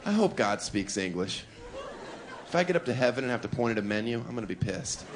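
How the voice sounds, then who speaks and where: A male stand-up comedian performing a routine, full of provocative setups and deadpan asides, chuckling at his own lines. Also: medium pitch, fast talker, a faint crowd, slight background noise.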